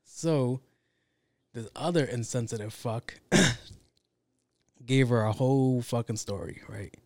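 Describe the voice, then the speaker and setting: A man's voice: mid-range voice, slow pace, dry recording, studio quality. A young man telling a story from work in a casual, profane, slangy way, acting out what people said. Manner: profane, slangy, animated with acted quotes.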